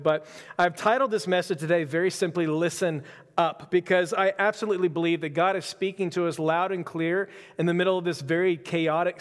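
Male pastor, conversational sermon, somewhat high voice, long hall echo. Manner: casual, storytelling, self-deprecating humor.

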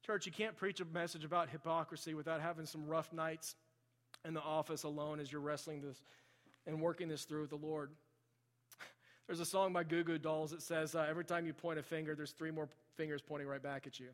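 A man's voice: fairly high pitch, flat delivery, fairly quick, in a large hall. A man preaching a sermon in a church, telling a story and building to impassioned emphasis. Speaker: pastor. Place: church sanctuary.

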